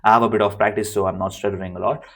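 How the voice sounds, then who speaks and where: A man with a worn, hoarse voice giving an unscripted to-camera lesson as a communication coach, emphatic and repeating his key phrases. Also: fairly low pitch, fairly even intonation, racing.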